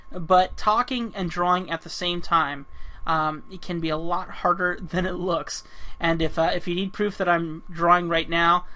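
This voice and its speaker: A man's voice: sits high, steady tone, normal speed, pushed and bright. A man answering fan questions while he draws, rambling with many ums and restarts, and losing his voice. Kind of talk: casual talk while drawing.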